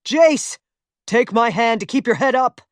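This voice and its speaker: A woman voicing a determined man who shouts forceful commands during a rescue on the ice. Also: medium pitch, lively intonation, a little slow, no echo, studio quality, natural voice. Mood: commanding.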